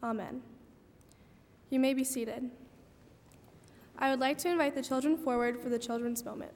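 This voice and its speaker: A woman leading worship in a church, her high voice inviting the congregation to sit. The announcement carries a long reverb through the sanctuary, with faint room noise underneath. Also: fairly even intonation, normal speed, a little mellow. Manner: formal, inviting. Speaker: worship leader. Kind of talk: liturgical announcement.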